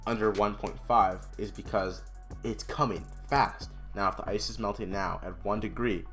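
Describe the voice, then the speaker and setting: A teenage boy talks through a school-project vlog in a lowish voice. He is chatty and emphatic, and he breaks off for restarts and asides. Faint music plays underneath. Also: fairly even intonation, moderate pace, fairly bright tone. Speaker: student presenter. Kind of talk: casual explainer vlog.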